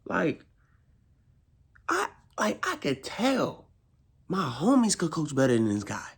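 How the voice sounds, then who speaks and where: Young man, football fan, casual rant, exasperated, gravelly, slangy, repetitive. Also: wildly swooping pitch, slow pace. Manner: exasperated, slangy, repeats himself, big pitch swings.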